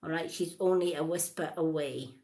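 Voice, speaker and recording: A woman giving a live psychic card reading in a chatty, rambling way, full of animated asides. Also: sits low, moderate pace.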